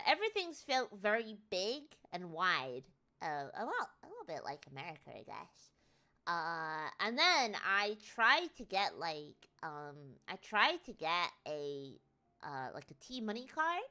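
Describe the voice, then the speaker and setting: A woman's voice: fairly low pitch, bright, forceful tone. A woman VTuber streamer telling a travel story in rambling, chatty casual talk, laughing often at herself. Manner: rambling, chatty, self-deprecating with frequent laughs.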